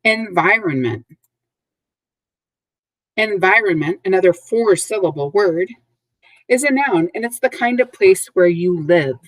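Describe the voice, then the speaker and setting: A woman teaching a recorded vocabulary lesson to third graders, speaking slowly and clearly, with call-and-response prompts. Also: mid-range voice, animated, dry recording, rough recording.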